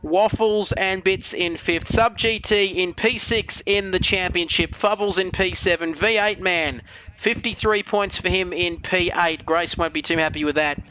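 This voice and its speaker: A man's voice: sits high, steady tone, unhurried, sharp tone, slight background noise, low-quality recording. An Australian man calling a sim racing league, full of jokey, matey banter and with a voice worn out by the night. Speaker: lead commentator.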